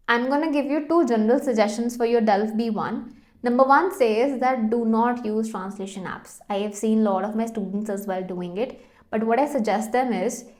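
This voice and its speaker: Indian woman tutor, emphatic and explanatory. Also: fairly high pitch. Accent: Indian English. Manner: explanatory, emphatic, varied intonation. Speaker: French language tutor. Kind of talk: exam tips lesson.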